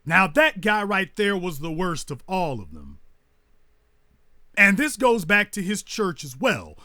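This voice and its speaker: A man's voice: high voice, very animated, a little slow, pushed and bright, no room sound, studio quality. A man hosting a commentary monologue, repeating his points with rhetorical emphasis like a preacher and sounding indignant and scornful. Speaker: host.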